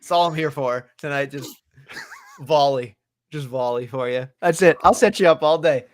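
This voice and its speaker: A man's voice: on the high side, moderate pace. A man co-hosting a casual wrestling podcast, talking in an exasperated, profane way. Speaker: podcast co-host.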